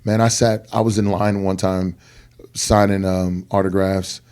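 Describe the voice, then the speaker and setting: A man's voice: a little slow, clean tone. A middle-aged man, a guest rapper, telling personal stories in an earnest podcast conversation and acting out the people he quotes. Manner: earnest, animated, acts out quoted people with big pitch jumps. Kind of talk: candid podcast storytelling.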